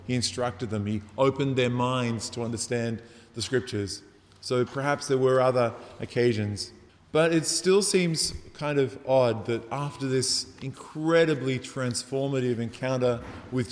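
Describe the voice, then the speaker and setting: A man preaching a homily in a church, his voice carrying a long reverberant tail from the hall around him. He talks reflectively and conversationally, posing questions to the congregation and pausing to think aloud. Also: mid-range voice. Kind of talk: sermon.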